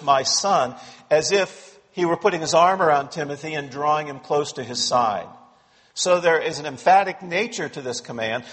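Pastor, male, slightly high voice, emphatic expository preaching, reverberant sanctuary. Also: fairly bright tone. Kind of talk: sermon. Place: church sanctuary.

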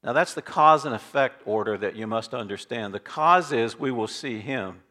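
A man preaching a sermon as pastor, reading scripture aloud and swinging between loud declarations and quiet asides. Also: mid-range voice, normal speed. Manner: reads scripture aloud with emphasis.

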